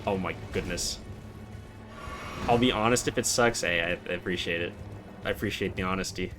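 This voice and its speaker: A man in his twenties streaming a game, chatting casually and answering chat in a relaxed, monotone way. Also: sits low, normal speed, music in the background. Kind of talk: casual live-stream chat while gaming.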